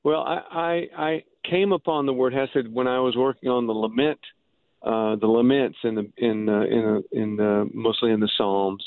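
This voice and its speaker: A man, an author and Bible scholar, explaining things as an interview guest, halting, with many restarts and fillers. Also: mid-range voice, steady tone, dry recording. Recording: dry tinny phone line.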